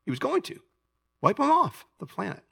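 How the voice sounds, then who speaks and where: A man's voice: high-pitched, wildly swooping pitch, normal speed, gravelly, pushed and bright, breathy edge, pitched above the performer's own voice, full character voice. A man voicing a furious, bitter male prophet, speaking in a seething, indignant way.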